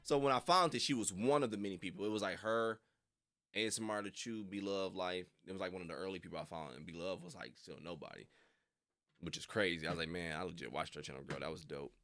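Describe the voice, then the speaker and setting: A man's voice: sits low, quick pace, fairly bright tone, no echo. A young man rambling casually on a livestream, full of slang and frequent laughter. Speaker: reaction streamer.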